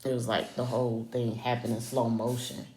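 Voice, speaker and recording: A woman's voice: a bass voice, flat delivery, moderate pace, warm tone, echoey room, slight background noise. A woman telling a personal story to the camera in a candid vlog, blunt and profane, with slangy asides to the viewer. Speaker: vlogger.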